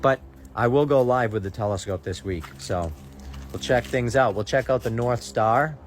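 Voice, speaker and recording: A man's voice: mid-range voice, moderate pace. A man ranting straight to camera, indignant and sarcastic, daring his viewers to prove him wrong. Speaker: content creator. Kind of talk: ranting direct-to-camera monologue.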